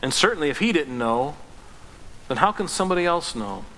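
A man's voice: a little high, sing-song, brisk, pushed and bright, slight background noise. A man preaching a sermon as a pastor, talking conversationally with restarts and asking emphatic rhetorical questions. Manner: restarts and fillers, rising to fervent prayer.

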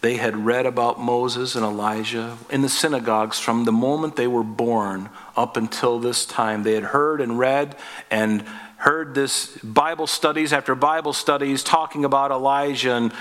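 A man preaching a conversational sermon as pastor, folksy and jokey, calling his listeners folks and guys, and climbing higher and louder on his emphatic points. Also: steady tone, moderate pace.

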